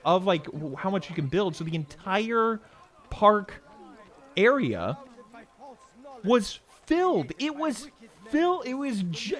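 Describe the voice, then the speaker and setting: A young man chatting casually while streaming a video game, with a voice sitting a little on the high side. He talks in an animated rush, swearing freely as he tells stories. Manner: animated, profane storytelling. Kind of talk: casual gameplay commentary.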